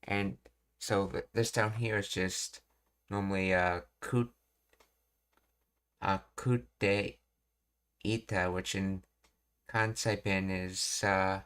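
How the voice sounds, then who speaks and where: A man with a lowish voice talks very slowly through grammar points, halting and restarting as he reads and puzzles things out. He sounds like a streamer studying aloud. Keyboard typing and clicking sit behind him. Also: fairly even intonation, fairly bright tone, clear, resonant tone. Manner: slow, halting, pausing to read and puzzle things out. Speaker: language learning streamer. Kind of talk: thinking aloud while studying Japanese grammar.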